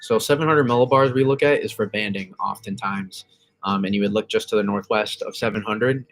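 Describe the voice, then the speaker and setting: A weather channel host runs a casual livestream, rambling through model maps, often correcting himself and reacting to chat. His voice is lowish and steady, and he talks a little fast.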